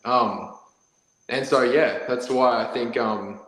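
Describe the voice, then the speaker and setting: A man's voice: mid-range voice, steady tone, slow, a bit bright. An Australian man co-hosting a casual podcast, talking in a rambling, hesitant way with lots of fillers. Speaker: podcast co-host. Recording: echoey room.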